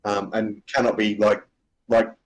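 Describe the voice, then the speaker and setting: A man with an Australian accent in casual chat, talking fast with lots of fillers and restarts, and swearing. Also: on the low side, flat delivery, low-quality recording.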